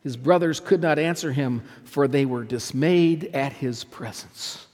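Heard through long hall reverb, a pastor delivers his sermon with emphasis, posing questions to the congregation and repeating phrases. He has a medium-pitched, darkish voice and a measured pace.

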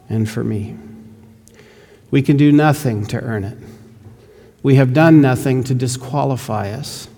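A man preaching a sermon, telling a story in an earnest, measured way, heard with a long hall reverb. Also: medium pitch, dark tone.

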